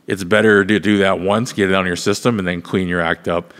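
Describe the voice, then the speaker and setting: Low-voiced man with long reverb. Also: steady tone, fast talker, fairly bright tone. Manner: rambling, profane, explains at length. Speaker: podcast host. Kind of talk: casual podcast chat.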